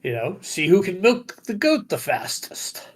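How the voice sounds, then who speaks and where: A game master voicing a plain-spoken, unimpressed villager man with dry understatement, at a slow pace. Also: medium pitch, very animated, slightly rough, voice pushed up. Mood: stolid.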